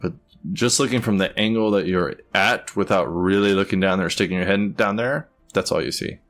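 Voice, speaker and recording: A man's voice: deep voice, moderate pace, a bit bright, faint music behind. A man narrating as game master in a tabletop game, describing scenes casually with many fillers.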